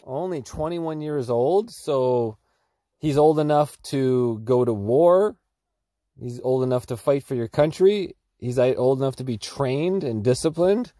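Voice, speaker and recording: A man's voice: mid-range voice, expressive, measured pace, dark tone, dry recording, clean studio sound. A man commenting on a news clip in a mocking, argumentative way. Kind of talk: sarcastic reaction commentary.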